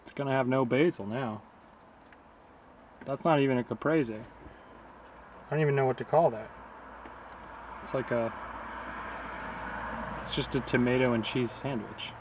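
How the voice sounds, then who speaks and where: A man's voice: mid-range voice, measured pace, long pauses, slight background noise. Sarcastic rambling man vlogging. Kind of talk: casual vlog rant. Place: outdoors by a river.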